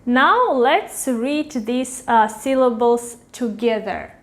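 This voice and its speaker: A woman teaching beginners, slowly sounding out letters and syllables and repeating each one, with short praise in between. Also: fairly high pitch, animated. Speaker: language teacher. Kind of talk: slow beginner pronunciation lesson.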